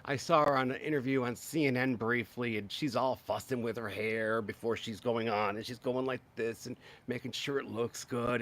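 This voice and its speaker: A man hosting a live political commentary stream, his voice jumping up and down with lots of exclaiming. He sometimes slips into mocking, high-pitched impressions of other people. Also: steady tone, normal speed, few pauses, fairly bright tone. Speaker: political commentary channel host.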